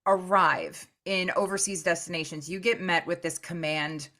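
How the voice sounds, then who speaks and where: A woman's voice: on the low side, moderate pace. A woman podcast host in a casual chat, telling stories with lots of quoted voices. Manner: animated storyteller, jumps into quoted voices.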